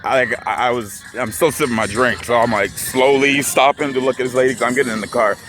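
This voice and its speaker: A man's voice: mid-range voice, fairly even intonation, fast, music in the background. A young man telling a story to camera in a casual, rambling way, full of filler words. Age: young adult. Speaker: vlogger.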